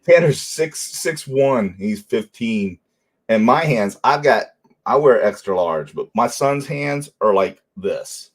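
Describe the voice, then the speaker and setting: A middle-aged man hosting a casual livestream, telling animated stories and laughing often. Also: medium pitch, takes it slowly. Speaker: livestream host.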